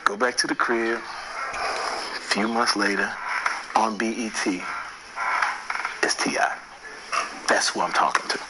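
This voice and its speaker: A man telling a profane, animated story as an interview guest. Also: lowish voice, slow pace, long pauses. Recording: loud background noise.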